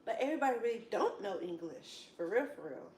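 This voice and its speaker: A woman in casual chat at a Bible study, telling rambling, animated stories with lots of "it's like, wow.". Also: on the high side, fast, slight background noise. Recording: echoey room, distant from mic.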